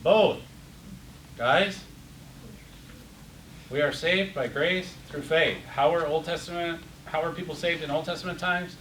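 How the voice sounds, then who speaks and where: A man's voice: on the high side, a little slow, pauses often, fairly bright tone. A middle-aged man teaching an interactive Bible class, passionate, getting worked up and repeating words. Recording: roomy, distant, faint hiss.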